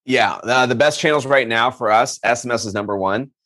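A man being interviewed on a podcast, talking casually and telling lively stories, full of slang and filler words. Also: mid-range voice, fairly quick. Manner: animated storyteller, slangy, lots of "like". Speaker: podcast guest.

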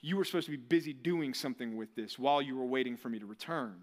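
A man's voice: mid-range voice, pitched below the performer's own voice, lightly acted. A man doing a stern, scolding master. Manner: firm, slow, scolding. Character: stern, displeased male master scolding a servant.

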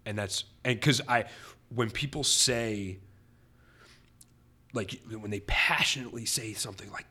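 Bright-voiced animated podcast host man. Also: medium pitch, moderate pace, husky. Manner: animated, rambling, emphatic. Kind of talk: casual chat.

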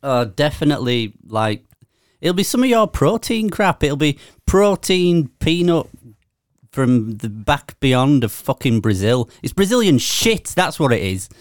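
A man's voice: a little high, sing-song, unhurried, dry recording, studio quality. A man with a Yorkshire accent, co-hosting a podcast in casual chat, sweary and grumbling. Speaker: podcast co-host.

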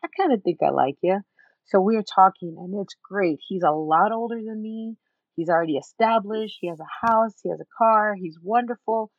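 A woman's voice: mid-range voice, moderate pace, dry recording, narrow, tinny audio. A woman guest in an interview, telling her own story emphatically and acting out what others said to her. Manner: emphatic, animated, acts out other people's words.

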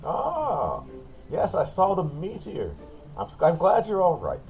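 A man's voice: high voice, wildly swooping pitch, takes it slowly, creaky, darkish tone, faint music behind, voice pushed up, full character voice, rough recording. A man voicing an old, gap-toothed woman innkeeper who chatters with blunt, sly digs, in a tabletop game. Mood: welcoming.

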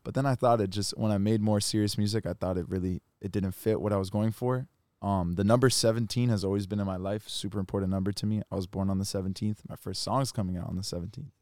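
A man's voice: on the low side, steady tone, fast talker, few pauses, a little mellow, no room sound. A young man, a rapper guest, chatting casually on a podcast and rambling about his name, often laughing.

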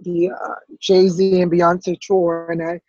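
A woman, an interview guest, tells an emotional personal story in a halting way, full of restarts and repeated words. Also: lowish voice, little pitch movement, a little mellow, dry recording, muffled recording.

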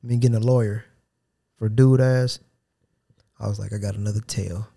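His voice is fairly low and fried, and he talks a little fast. As a podcast co-host, he shares a work story in relaxed conversation, performing the quotes with animation.

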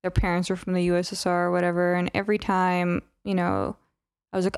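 A woman's voice: fairly low pitch, monotone, brisk, gravelly, clear, resonant tone. A woman co-hosting a podcast, chatting conversationally with a few hesitations. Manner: conversational, lightly hesitant, quotes others in passing. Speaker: podcast co-host. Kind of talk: casual chat.

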